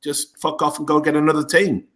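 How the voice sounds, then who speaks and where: A young man co-hosting a podcast, ranting in animated bursts and swearing freely. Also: on the high side, fairly quick. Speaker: podcast co-host. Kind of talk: casual podcast banter.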